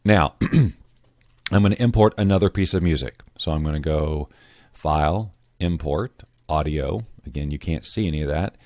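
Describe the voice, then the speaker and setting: Male tutorial host, low voice, loose and conversational, dead-dry close recording. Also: moderate pace, darkish tone, dry recording. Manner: casual, self-correcting, clears throat often. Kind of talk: screen-recorded software tutorial.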